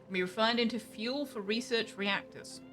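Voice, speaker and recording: A young woman streaming a game, chatting casually and thinking aloud, reacting with quick surprise to what happens. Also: fairly high pitch, music in the background. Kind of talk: casual live gameplay commentary.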